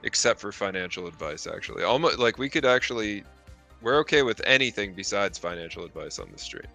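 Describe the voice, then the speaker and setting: A man's voice: on the low side, animated, creaky, pushed and bright, soft background music. A man co-hosting a live stream, eagerly agreeing and chatting casually. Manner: eager, agreeable, lots of quick "yeah" replies. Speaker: stream co-host.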